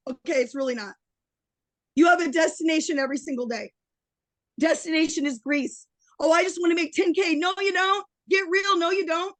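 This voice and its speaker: A middle-aged woman with a high voice delivers a fervent, emotional webinar pep talk, her voice a little worn from daily sessions. The sound is dry and close. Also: dry recording, rough recording. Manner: impassioned, emotional, preachy. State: losing her voice. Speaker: online business coach.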